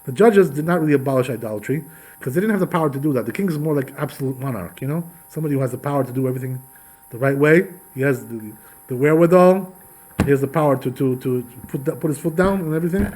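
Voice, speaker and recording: A man's voice: medium pitch, fast talker, rough recording. A male rabbi teaching a Torah class, retelling a story in a chatty way with frequent asides to his listeners. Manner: conversational, repetitive asides, animated retelling.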